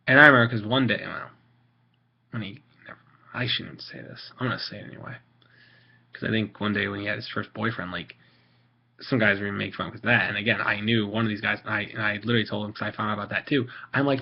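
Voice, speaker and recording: A man's voice: fairly low pitch, fast talker, muffled recording. A teenage boy ranting casually on a vlog, rambling with lots of fillers, restarts and swearing. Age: teens. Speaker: video maker.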